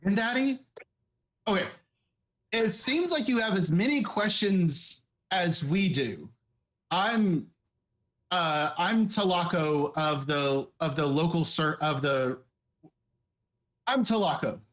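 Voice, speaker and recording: A polite elf man, as a player puts him on, introduces himself in a tabletop game. He halts and trips over his words, and he speaks slowly at a middling pitch. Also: animated. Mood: polite, hesitant. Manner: halting, stumbling over words. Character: elf man, a patron researching lightning storms.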